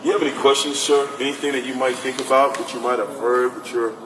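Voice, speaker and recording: A man giving a lively, conversational talk to parents about basketball recruiting and taking their questions in a large indoor hall. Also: medium pitch, quick pace. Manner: animated and conversational, acts out parents and coaches. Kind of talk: informal talk to an audience with questions. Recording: echoey hall from far off, faint noise.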